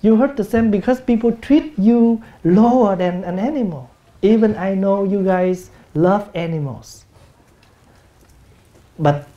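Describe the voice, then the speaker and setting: A man with a Vietnamese accent, a Buddhist monk giving a gentle, humorous dharma talk in a meditation hall. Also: high-pitched, highs cut off. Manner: gentle, humorous, acts out everyday speech. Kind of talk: sermon.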